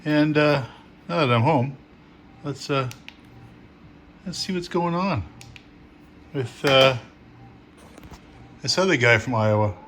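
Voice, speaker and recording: A man's voice: medium pitch, slow, long pauses, a bit bright. A man with an Iron Range Minnesota accent, narrating a casual travel vlog in an easygoing, rambling way with frequent chuckles. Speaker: vlogger. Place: outdoors at an engine show, then in a vehicle. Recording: noisy outdoor recording with vehicle sounds.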